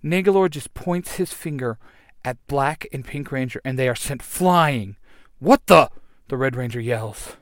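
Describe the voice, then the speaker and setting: A man narrating an action adventure story in a lively, animated reading. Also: mid-range voice, normal speed, no room sound, studio quality.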